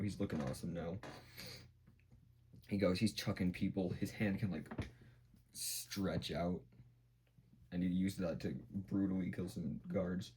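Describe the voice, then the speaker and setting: A man's voice: deep voice, dark tone, slight background noise, low-quality recording. A man hosting a video, casually recapping a show in a rambling way with lots of fillers. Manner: rambling, full of fillers and acted-out quotes. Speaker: video host.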